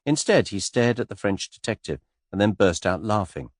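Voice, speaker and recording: Man, audiobook narrator, low pitch, animated delivery, dry sound. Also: moderate pace, no room sound. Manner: lively, shifts pitch and loudness between characters. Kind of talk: audiobook reading with character voices.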